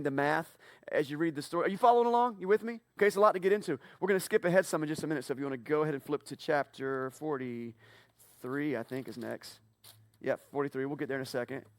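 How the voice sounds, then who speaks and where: A man preaching a casual sermon, retelling a Bible story playfully and acting out the characters in quick asides. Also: a little high, no room sound, clean studio sound. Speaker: pastor. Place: church.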